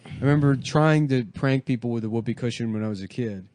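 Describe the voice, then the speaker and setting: A man co-hosting a comedy podcast in casual chat, with a low-key, mumbling delivery that drifts into riffs. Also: quick pace, darkish tone, no echo. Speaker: podcast co-host.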